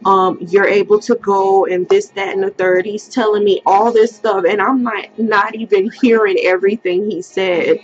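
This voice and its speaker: A woman's voice: steady tone, moderate pace, hardly any pauses, lo-fi sound. Young woman telling an emotional storytime. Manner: emotional storytelling, acts out quotes in a high crying voice. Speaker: vlogger. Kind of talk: storytime vlog.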